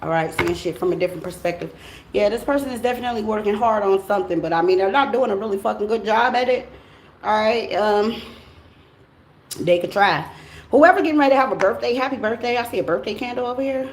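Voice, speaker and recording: A woman's voice: mid-range voice, fast talker, roomy sound, slight background noise. An American woman giving a casual tarot reading, talking bluntly and animatedly, with plenty of slang and swearing. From United States. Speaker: tarot reader.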